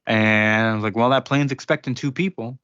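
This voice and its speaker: A man's voice: medium pitch, normal speed, fairly bright tone, clean tone, no room sound, muffled recording. A man casually recapping a comic book on a podcast, rambling with fillers and acting out lines of dialogue. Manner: rambling, laughing, acts out quotes. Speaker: podcast co-host.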